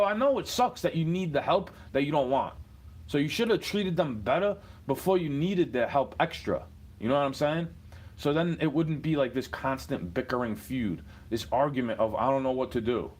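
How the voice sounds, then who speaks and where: A man's voice: a little high, breathy edge. A man delivering a rambling, profane, aggrieved rant to the camera. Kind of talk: ranting monologue.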